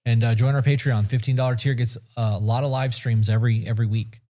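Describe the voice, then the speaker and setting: Blunt, swearing man with a mellow voice. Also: mid-range voice, steady tone, fast talker. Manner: blunt, heavy swearing, rambling. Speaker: podcast co-host. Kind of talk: casual podcast chat.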